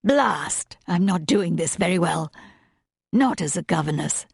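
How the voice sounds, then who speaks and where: A humble, heartfelt gentleman suitor, read by a woman narrator pleads his case slowly and sincerely. The tone is soft and a little breathy, and the recording is close and dry. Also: fairly low pitch, lively intonation, no echo, exaggerated voice. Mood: earnest. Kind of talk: audiobook narration.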